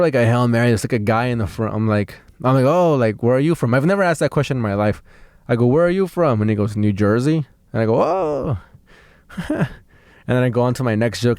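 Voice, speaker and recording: A man's voice: mid-range voice, smooth, no echo, studio quality. A man, a stand-up comic and podcast co-host, telling a story in casual chat, swearing freely and acting out the people in it. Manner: animated, swearing, acts out voices.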